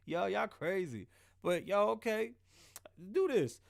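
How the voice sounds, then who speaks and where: A man hosting his own show alone, talking casually into a close mic in a profane, animated way and laughing often. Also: high-pitched, takes it slowly, gravelly, dry recording. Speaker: podcast host. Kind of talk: solo casual monologue.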